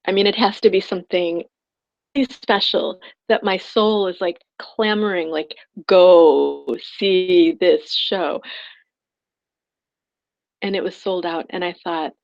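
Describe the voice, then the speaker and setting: A woman's voice: mid-range voice, steady tone, moderate pace. Heartfelt rambling woman, dull lo-fi sound. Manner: rambling, heartfelt, many restarts. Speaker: spiritual prosperity coach. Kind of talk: personal storytelling in an online class.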